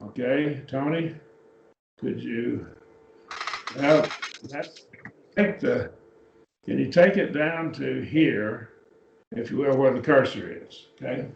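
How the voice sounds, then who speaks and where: A man's voice: medium pitch, slow pace, gravelly, pauses often, darkish tone, a little hiss or hum. A man teaching a Bible class, explaining step by step and often checking with "okay?". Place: church classroom. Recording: echoey, distant, dull classroom recording.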